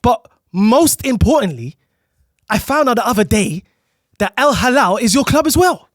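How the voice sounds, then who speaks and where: A man's voice: very high-pitched, very animated, moderate pace, no room sound, studio quality. A man, co-hosting a football chat show and ranting in an exasperated, teasing way. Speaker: podcast co-host. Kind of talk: heated football rant.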